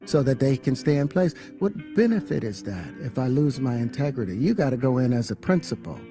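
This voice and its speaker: A man being interviewed, telling stories in a forceful, emphatic way. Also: medium pitch, lively intonation, fairly quick. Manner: forceful, emphatic, preachy about manhood. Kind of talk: interview storytelling. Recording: interview clip with music under it.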